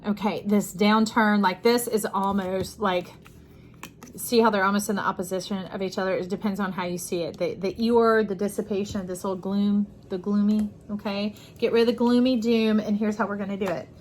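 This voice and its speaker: A woman's voice: medium pitch, fairly even intonation, normal speed, slight background noise. A woman giving an intuitive tarot reading, speaking expressively and repeating phrases for emphasis. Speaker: tarot reader.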